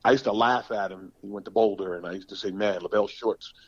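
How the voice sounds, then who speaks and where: A man in his sixties from the United States, a former pro football player telling stories in a podcast interview, animated and emphatic, often repeating words. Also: on the low side, fast talker, lo-fi sound. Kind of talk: storytelling interview.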